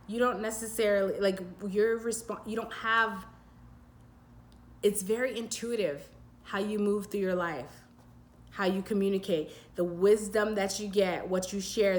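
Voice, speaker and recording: Woman tarot reader, mid-pitched, meandering and soothing, faint room hum. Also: a little slow. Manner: rambling and intuitive, many "like" fillers and restarts. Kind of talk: pick-a-pile tarot reading.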